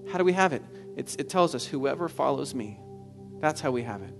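A man's voice: mid-range voice, lively intonation, quick pace, creaky, over music. A man preaching a sermon in an earnest manner, rising at times to fervent exclamation. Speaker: pastor.

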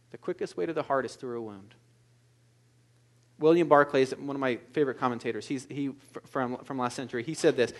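Earnest male preacher, soft to emphatic. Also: a little high. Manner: earnest, shifts between soft intimate asides and loud emphatic exhortation. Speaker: pastor. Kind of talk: sermon.

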